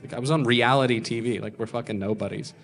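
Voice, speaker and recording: Speaking quickly with vocal fry and a fairly bright tone, a thirtysomething man does stand-up storytelling at medium pitch. His tales ramble, poke fun at himself, and come loaded with swearing.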